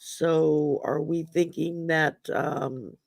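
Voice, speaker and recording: A woman's voice: deep voice, steady tone, very slow, vocal fry, darkish tone, dry recording. A woman with a Southern accent co-hosting a chat show and reading out viewer questions in a laid-back way.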